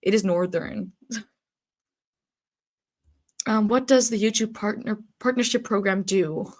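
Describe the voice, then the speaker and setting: A woman live-streaming, chatting loosely and answering her chat as she goes. Her voice is mid-pitched and slightly stuffy from a blocked nose, with frequent fillers and easy laughter. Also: slow pace. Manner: chatty, reads chat aloud, laughs often, frequent ums and likes.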